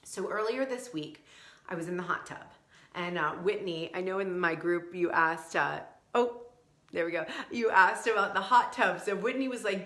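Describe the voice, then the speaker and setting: A woman's voice: on the low side, a little fast, a bit bright, echoey room. A woman in her thirties, a coach for sensitive women, giving an effusive livestream talk straight to her viewers.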